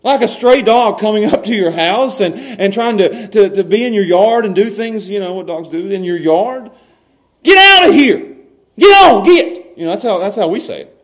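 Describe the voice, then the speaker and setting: Animated high-voiced male preacher. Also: brisk, few pauses. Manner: animated, swings from loud to hushed, laughs often. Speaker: pastor. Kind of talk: sermon.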